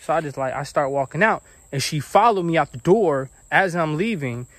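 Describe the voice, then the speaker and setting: A young man telling a casual storytime about his own life, animated and acting out the people he quotes. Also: a little high, moderate pace, no room sound. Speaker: vlogger.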